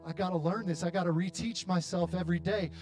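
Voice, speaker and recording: A man in his thirties preaching a sermon to his church, building to loud, dramatic appeals with long pauses. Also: sits high, steady tone, over music. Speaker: pastor. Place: church hall.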